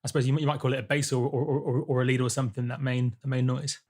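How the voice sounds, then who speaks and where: A man's voice: mid-range voice, little pitch movement, fast, darkish tone. A man in a casual interview, enthusiastic, stumbling through restarts as he asks about a sound.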